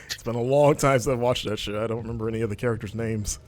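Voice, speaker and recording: A man's voice: medium pitch, fairly even intonation, racing, a little mellow. A man hosting a game livestream, chatting casually and joking while narrating his own play. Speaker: game-playing host. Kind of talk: casual livestream gameplay commentary.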